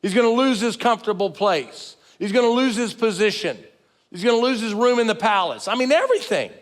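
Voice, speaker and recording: A middle-aged man, preaching a sermon as pastor in a folksy, animated, self-deprecating way. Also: high voice, fairly quick, in a large hall. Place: church sanctuary with multiple campuses.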